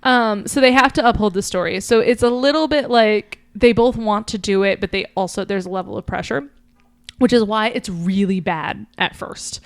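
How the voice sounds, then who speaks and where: A woman's voice: mid-range voice, normal speed, dry recording, studio quality. A woman podcast co-host casually recapping a book's plot, chatty and full of fillers, briefly acting out quoted lines. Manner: chatty, lots of likes and ums, acts out quoted lines. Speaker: podcast co-host summarizing a book. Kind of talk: casual chat recapping a story.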